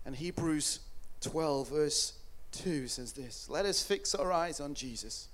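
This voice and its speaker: A man preaching an Easter sermon, moving between quiet, intimate passages and loud, impassioned ones as he retells the crucifixion. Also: on the high side, animated, slow. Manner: impassioned, swings from hushed to loud.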